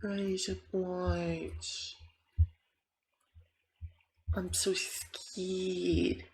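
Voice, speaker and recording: A man putting on a shrill, mock-scared Aussie voice. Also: flat delivery, vocal fry, slight background noise, exaggerated voice. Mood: mock-terrified. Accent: mock Australian. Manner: high, drawn-out wailing. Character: frightened man with a mock Australian accent.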